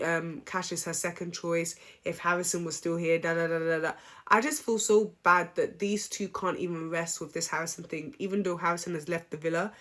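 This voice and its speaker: A woman giving a casual, opinionated recap, chatty and animated, with frequent ums. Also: fairly low pitch. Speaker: reality show recap vlogger.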